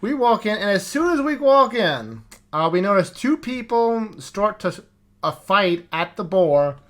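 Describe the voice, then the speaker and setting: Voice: medium pitch, big pitch swings, fairly bright tone. Foul-mouthed, exasperated tabletop game storyteller. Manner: exasperated, swears a lot, acts out the other players in quick quoted bits. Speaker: player recounting a tabletop game session as tavern owner. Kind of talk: profane comedic session recap.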